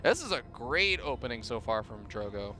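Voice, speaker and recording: Bright-voiced male esports caster. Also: mid-range voice, sing-song, normal speed, slight background noise. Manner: upbeat, laughs easily. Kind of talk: play-by-play commentary.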